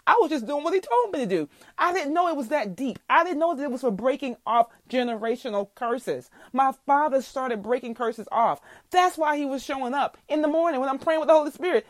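A woman's voice: high voice, no room sound. Emotional woman preaching on a podcast. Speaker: podcast host. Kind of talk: faith podcast teaching.

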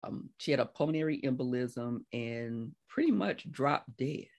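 Woman, 60s, life coach guest, chatty storyteller who bursts high when quoting. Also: moderate pace. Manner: animated storyteller, acts out quotes with big laughing pitch jumps. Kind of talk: conversational interview.

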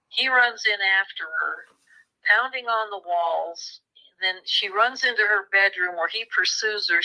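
A woman's voice: mid-range voice, sharp tone, low-quality recording. A woman, a true crime author, recounting a case in an interview with vivid retelling and small restarts. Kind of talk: storytelling interview.

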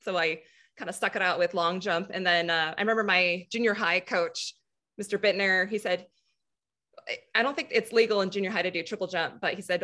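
A woman guest telling stories about her childhood in a relaxed casual interview, laughing often. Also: on the low side, fairly quick. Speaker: guest athlete.

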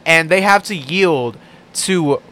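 A young man co-hosting a podcast, telling stories in a profane, laughing, animated way. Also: a little high, slow pace. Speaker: podcast co-host. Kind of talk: casual podcast banter.

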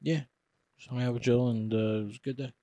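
A man's voice: medium pitch, steady tone, quick pace, dark tone, no room sound. A man co-hosting a podcast in casual chat, laid-back and hesitant with plenty of ums. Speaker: podcast co-host.

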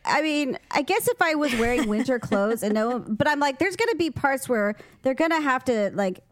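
A woman chatting casually as a podcast co-host, expressive and quick to react. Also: sits high, no echo. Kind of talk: casual chat.

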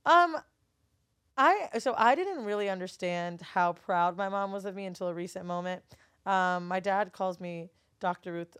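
Brief: woman podcast guest, candid, swears freely, mid-pitched, dry close sound. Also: normal speed, fairly bright tone, smooth, no room sound. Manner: candid and profane, acts out relatives' voices. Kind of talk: casual chat.

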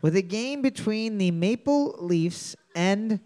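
A man hosting a trivia quiz, reading each question slowly and joking and swearing between rounds. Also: high voice, animated, dark tone. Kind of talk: casual trivia hosting with banter.

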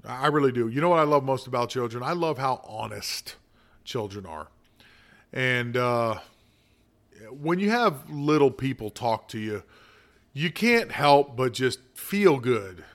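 A man's voice: mid-range voice, sing-song, measured pace, long pauses, fairly bright tone. A man hosting a casual spoken monologue, rambling and self-deprecating, laughing easily as he talks. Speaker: show host.

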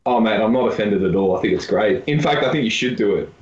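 A young Australian man chatting as a podcast guest over a remote call, relaxed and good-humored. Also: fairly low pitch, fast. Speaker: guest volleyball player. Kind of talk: casual podcast chat. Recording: echoey room, dull lo-fi audio.

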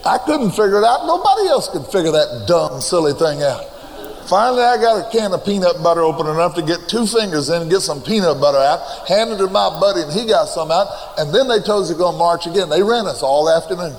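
A man's voice: sits high, animated, quick pace, slight background noise. An older man preaching a sermon, telling a folksy story from his own past with emphatic repeated refrains. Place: church. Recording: long reverb in a church hall.

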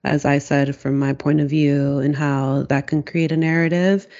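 A person in a reflective casual conversation, speaking slowly and searchingly with many fillers. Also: medium pitch, flat delivery, a little mellow, highs cut off.

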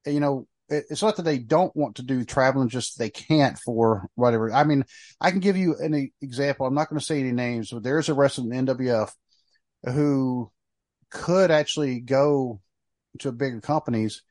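A man's voice: medium pitch, moderate pace, darkish tone, dry recording. A man hosting a wrestling podcast, talking casually with frequent fillers and restarts. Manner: rambling, fillers, trailing off. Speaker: podcast host. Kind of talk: casual chat.

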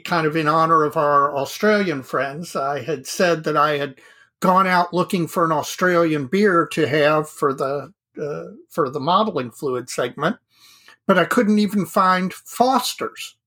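A man's voice: a little high, measured pace, bright, forceful tone. A man co-hosting a hobby podcast, chatting in an easygoing, self-deprecating way. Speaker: podcast co-host. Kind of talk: casual podcast chat.

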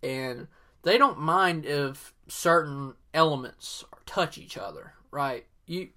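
Southern male podcast host, casual and opinionated, slightly high, forceful tone. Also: takes it slowly. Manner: rambling, filler-heavy, opinionated. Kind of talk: casual solo podcast talk.

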